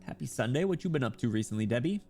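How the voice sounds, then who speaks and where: Streaming a game, a man chats casually and reads game dialogue in a rambling style packed with fillers. His mid-range voice is warm and animated, his delivery rapid-fire, with faint music behind him.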